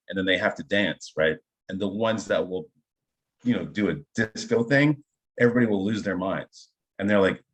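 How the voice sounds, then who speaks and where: A man's voice: low-pitched, moderate pace. A middle-aged man, an improv teacher, explaining his ideas with enthusiasm through personal anecdotes and frequent "right?" check-ins. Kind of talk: conversational interview storytelling.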